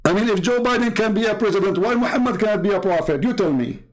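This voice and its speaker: A man's voice: sits high, fast. A man hosting a livestream, talking in a mocking, emphatic, sarcastic way. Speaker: host. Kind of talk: livestream commentary.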